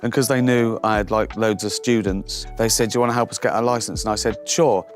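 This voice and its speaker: A man's voice: on the low side, fairly even intonation, brisk, faint music behind. A middle-aged comedian telling anecdotes in casual chat, laughing often and mimicking the people in his stories. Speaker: comedian guest.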